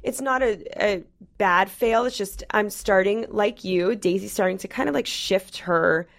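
A woman's voice: medium pitch, unhurried, vocal fry. A woman in her thirties co-hosting a podcast, chatting casually and frankly, swearing freely and filling her sentences with "um" and "like.". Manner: frank and profane, full of "um" and "like". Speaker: podcast co-host. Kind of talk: casual chat.

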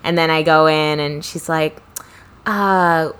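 A woman's voice: deep voice, fairly even intonation, slow, a bit bright, clean tone. A woman in her thirties co-hosting a podcast, telling stories in a chatty, laughing way. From Northeast US. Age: 30s. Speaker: podcast co-host. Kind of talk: casual chat.

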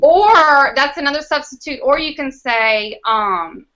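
A woman's voice: sits high, lively intonation, unhurried, pushed and bright. A woman from the American South in casual chat, teasing and explaining local sayings. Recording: dull lo-fi sound.

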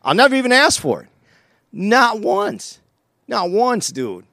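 A man's voice: sits high, very animated, measured pace, sharp tone, no echo, studio quality. A man, a comedian who works as an opening act, confronting his podcast partner in a heated conversation and often stammering and restarting his sentences.

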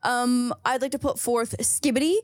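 A woman's voice: on the high side, normal speed, dry recording, clean studio sound. A woman from Canada, a podcast co-host who talks casually, laughs often and swears in surprise. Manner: animated, laughing, swearing exclamations. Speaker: podcast co-host, spelling bee contestant. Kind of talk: casual comedic chat.

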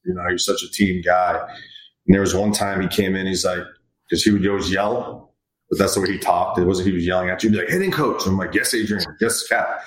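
A man's voice: low-pitched, fast. A middle-aged man, a hitting coach, talking casually and rambling a bit as he tells stories about players. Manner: relaxed, rambling, acts out quoted players. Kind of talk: casual interview chat. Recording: echoey room.

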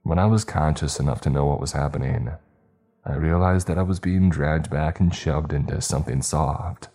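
A man narrating a first-person story in a measured, steady way. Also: rumbling low.

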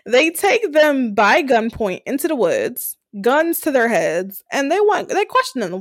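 Young woman recapping a show, lively and laughing, kinda high voice, dry sound. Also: moderate pace, dry recording. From Delaware, US. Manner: animated storyteller, acts out scenes, laughs often. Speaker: podcast co-host recapping a TV series. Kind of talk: casual chat.

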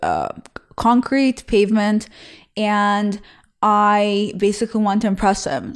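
A woman's voice: mid-range voice, a little mellow. A young woman from Israel hosting a show, reacting to listener stories in a candid, bawdy, laugh-filled casual chat. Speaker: host reading listener stories.

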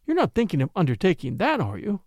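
A man voicing an anxious young widow in a storybook reading, plaintive and quick to scold. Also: high-pitched, huge pitch swings, a little mellow, no room sound, exaggerated voice. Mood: pleading, anxious.

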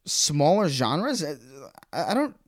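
A man co-hosts a casual gaming podcast, sharing his opinions conversationally but hesitantly, often restarting sentences. His fairly high voice swings widely in pitch at a slow pace, recorded dry with studio quality.

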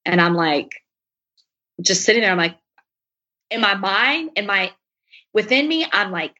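Bright-voiced woman telling a story. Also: mid-range voice, measured pace. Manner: animated, acts out quoted speech. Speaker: podcast guest. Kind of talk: candid storytelling interview. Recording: dull lo-fi recording.

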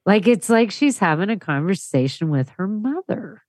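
A woman's voice: medium pitch, sing-song, normal speed, darkish tone, dry recording. A woman co-host chatting engagedly about a story she heard. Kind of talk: casual discussion.

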